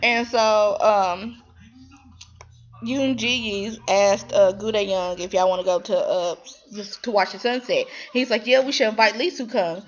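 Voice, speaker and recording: Speaking unhurriedly at medium pitch, with the highs cut off in the recording, a woman gives a loose recap of a TV drama episode. It's animated and rambling, full of fillers and restarts, and she often shifts into quoted voices.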